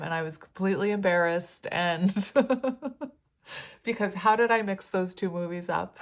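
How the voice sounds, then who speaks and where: A young woman giving a casual, rambling tarot reading with big, expressive reactions. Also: on the low side. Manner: chatty, rambling, expressive, laughs often. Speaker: tarot reader.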